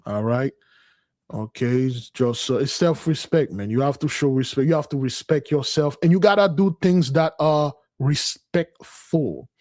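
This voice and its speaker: A man giving a livestream sermon in a loose, conversational way, repeating phrases and calling his listeners "beloved", with his voice swinging between loud and soft. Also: medium pitch, unhurried. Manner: repetitive, calls listeners "beloved". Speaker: spiritual teacher leading a community fast.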